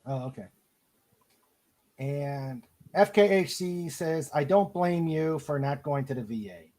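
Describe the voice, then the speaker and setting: A woman's voice: deep voice, lively intonation, slow pace, dark tone, poor audio. A woman hosting a casual chat, reading viewer comments aloud and laughing along. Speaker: host.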